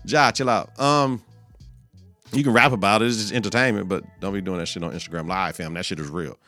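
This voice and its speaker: A man hosting a podcast, recapping a TV episode in a casual, profane, animated way and acting out the characters' lines as he goes. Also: fairly low pitch, brisk, faint music behind. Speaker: podcast host.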